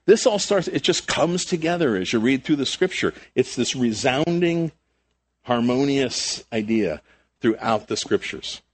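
A man's voice: mid-range voice, animated, measured pace. A man preaching a sermon, emphatic, with rhetorical questions and frequent restarts. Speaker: pastor.

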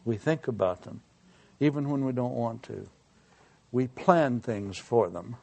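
A man preaching a sermon in a folksy, humorous way, dropping quiet for serious points. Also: medium pitch, lively intonation, a little slow, vocal fry. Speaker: pastor.

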